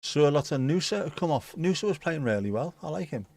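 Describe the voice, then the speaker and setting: A man's voice: fairly high pitch, lively intonation, brisk, darkish tone, no room sound, clean studio sound. Wry, chatty man streaming. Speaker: watch-along streamer. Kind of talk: casual live stream chat reading viewer comments.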